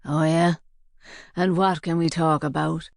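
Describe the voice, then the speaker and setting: A woman voicing a menacing male gunman with a hoarse, gravelly voice. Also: deep voice, little pitch movement, a little slow, darkish tone, no room sound, clean studio sound. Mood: mocking.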